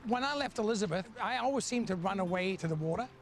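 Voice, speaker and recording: A man telling blunt, animated stories about his childhood, swearing freely. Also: high voice, fast talker, soft background music. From Australia. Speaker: interviewee. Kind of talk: casual storytelling.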